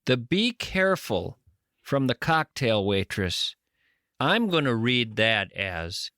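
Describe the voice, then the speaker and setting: A man's voice: very animated, slow, sharp tone, no echo. Dry-sounding male host recapping dramatically. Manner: dramatic recaps, reads lines aloud in a low voice. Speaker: radio host. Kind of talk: interview talk.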